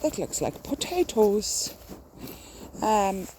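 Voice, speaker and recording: A woman's voice: medium pitch, sing-song, slow, dark tone, a little hiss or hum. Chatty Irish woman walking outdoors. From Ireland. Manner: chatty, candid, walks while talking. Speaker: dog walker vlogging. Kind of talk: casual rambling diary vlog. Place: outdoors in a rural field.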